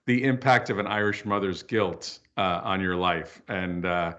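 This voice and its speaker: A man tells candid stories as an interview guest. His talk is lively with quick asides. The audio is dull and lo-fi. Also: deep voice. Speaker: filmmaker and author guest. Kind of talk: casual interview chat.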